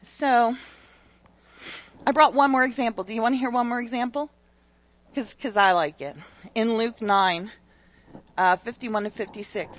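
A woman preaching a sermon with a conversational, animated delivery that swings from loud exclamations to soft scripture reading and speaks straight to her listeners. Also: on the high side, moderate pace, long pauses. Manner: conversational, addresses listeners directly.

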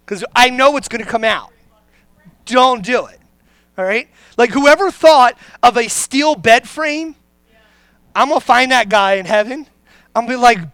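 Slow, bright-voiced joking pastor. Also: expressive, no room sound. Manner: conversational, joking, then drops low and grave; asks the congregation questions. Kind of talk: sermon.

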